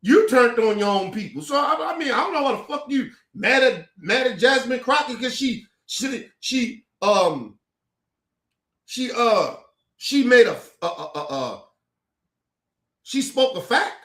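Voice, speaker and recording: A man with a strikingly high voice rants angrily to the camera, profane and confrontational, tripping over and repeating his own words. The sound bounces around an echoey room. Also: expressive, unhurried, fairly bright tone. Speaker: commentator. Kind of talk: angry profane rant to camera.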